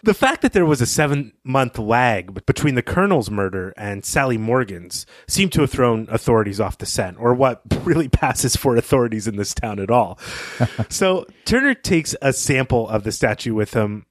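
A man's voice: mid-range voice, sing-song, normal speed, few pauses, dry recording, clean studio sound. A man co-hosting a book podcast, recapping and discussing a story in a conversational way. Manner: conversational, with fillers and occasional laughs.

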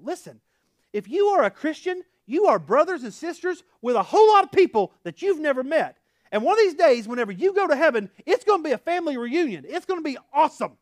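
A man with an Oklahoma accent preaching a casual, folksy sermon, his pitch swinging up and down with real animation. He drops into chatty asides and laughs at himself. The sound is close and dry, with no room echo. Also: big pitch swings, a little fast. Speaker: pastor. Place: church sanctuary.

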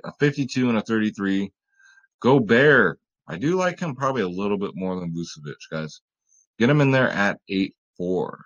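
A man's voice: lowish voice, highs cut off. A man casually talking through fantasy basketball picks in a rambling, joking way, often addressing viewers as guys. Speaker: fantasy sports vlogger. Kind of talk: casual sports betting picks talk.

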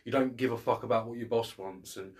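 A man's voice: medium pitch, steady tone, a little fast, darkish tone. A man co-hosting a casual film review podcast, ranting bluntly and swearing often. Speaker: podcast co-host.

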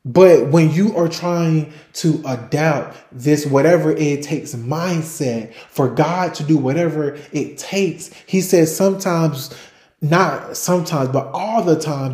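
A man preaches on his faith podcast, pressing each point through repetition and restarting phrases as he goes. His voice sits fairly high but sounds mellow and dark. The room adds a noticeable echo. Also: unhurried. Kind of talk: sermon-style podcast talk.

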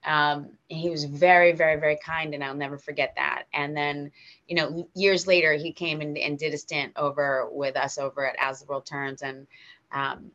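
Low, bright-voiced American woman storyteller. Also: lo-fi sound. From United States. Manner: animated, emotional, full of restarts. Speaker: guest actor. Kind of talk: casual interview storytelling.

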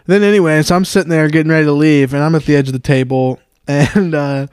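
A man's voice: on the high side, fast talker, clear, resonant tone, dry recording, studio quality. A young man co-hosting a podcast, telling a story in casual chat, swearing and laughing often. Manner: animated storyteller, swears, laughs often, puts on voices for quotes. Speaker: podcast co-host.

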